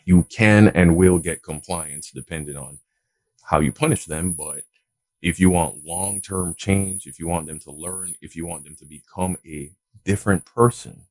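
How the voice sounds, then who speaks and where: A young adult man giving casual parenting advice to his viewers, animated, swearing freely and calling them bro. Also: low voice, normal speed.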